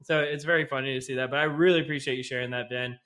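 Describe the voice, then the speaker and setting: A man's voice: mid-range voice, steady tone, very fast, over a noisy crowd. A man from rural North Louisiana hosting a podcast, chatting casually and laughing easily, with lots of "like.". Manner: friendly, laughs easily, hedges with "like". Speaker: podcast host. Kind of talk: casual interview chat.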